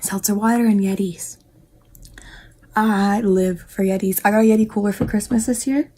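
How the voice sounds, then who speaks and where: A woman's voice: medium pitch, fairly even intonation, moderate pace, warm tone. A young woman from West Virginia chatting casually through a makeup tutorial, rambling and dropping into whispered asides. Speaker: beauty vlogger.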